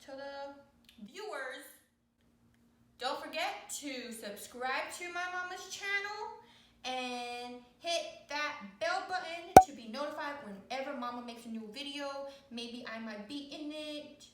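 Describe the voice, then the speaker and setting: A little pet dog talks to his viewers in a sweet, coaxing voice, as a woman puts him on. The voice sits high and moves slowly. It carries a roomy echo. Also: distant mic, background noise. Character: small male pet dog, talking to viewers.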